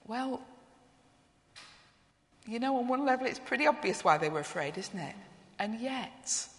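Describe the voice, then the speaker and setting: A woman's voice: fairly high pitch, expressive, unhurried, a bit bright. A woman preaching a sermon. She reflects on her theme and asks the congregation questions. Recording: long reverb of a church hall.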